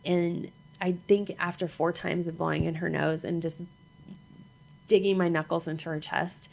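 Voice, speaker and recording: Woman, middle-aged, low gravelly voice, personal storytelling, halting and repetitive, acts out dialogue. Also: steady tone, darkish tone, low-quality recording. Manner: halting, repeats herself, acts out what was said. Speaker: mother sharing her story.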